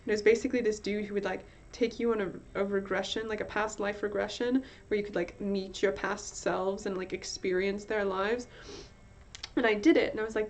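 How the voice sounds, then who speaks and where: On a livestream, a tired young woman rambles in a put-on British accent, mocking herself as she chats casually. Her medium-pitched voice is fairly even in intonation and fairly quick. The lo-fi sound is dull, with faint music behind her.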